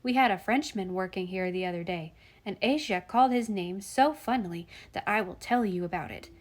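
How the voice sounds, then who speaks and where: A woman's voice: medium pitch, fairly quick, natural voice. A woman voicing a cheeky schoolboy reading out his own long letter with many postscripts. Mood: playful. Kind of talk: audiobook reading.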